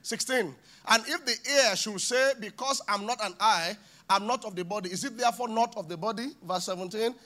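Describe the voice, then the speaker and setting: A man preaching a sermon in a church, animated and acting out little scenes with voices. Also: high voice, a little fast. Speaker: pastor.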